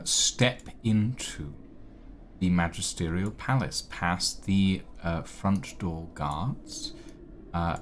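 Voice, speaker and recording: A male game master narrating a fantasy tabletop session at a slow, unhurried pace. His pitch moves a lot, and he fills the gaps with ums and uhs. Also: slight background noise. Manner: relaxed, unhurried, full of fillers.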